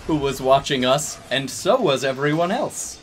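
A man's voice: mid-range voice, lively intonation, moderate pace, a little hiss or hum. A man co-narrating a fanfic in a comedic dramatic reading, in a dry, matter-of-fact way. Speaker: co-reader.

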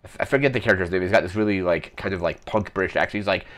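A man's voice: low voice, racing, a bit bright. A man hosting a retro show, recapping episodes in a casual, rambling way with many ums and self-corrections. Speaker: podcast host.

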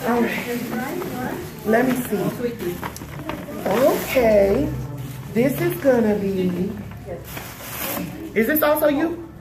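A woman's voice: a little high, lively intonation, drawn-out words, pauses often. A woman in her thirties opening gifts at a party, gushing and laughing often in casual chat. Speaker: guest of honor opening gifts. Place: indoor party gathering. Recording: echoey room with loud background noise.

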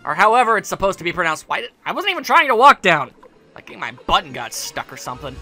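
A man's voice: sits high, very animated, fast talker, bright, forceful tone, soft background music. A man giving casual let's play commentary, rambling and sarcastic, joking at the game's characters.

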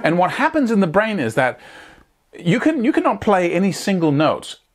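A man's voice: high-pitched, moderate pace. A man giving a guitar lesson, explaining picking technique and checking in with listeners as he goes. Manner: animated, hands-on, scats picking rhythms aloud; checks in often with "right?" and "wouldn't you say?". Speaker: guitar teacher.

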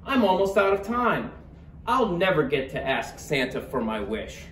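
Brief: desperate cartoonish turkey, voiced by a man, quick and high, roomy room sound. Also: sing-song, fairly bright tone. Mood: pleading. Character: hapless, determined male turkey. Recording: roomy, distant, faint room noise.

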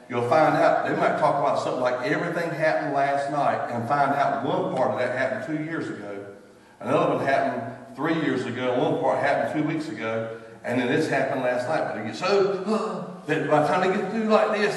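A man preaching a sermon as pastor, telling folksy stories and acting out what people say. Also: medium pitch. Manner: folksy storytelling, acts out quoted voices. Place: church sanctuary. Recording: distant echoey church hall recording.

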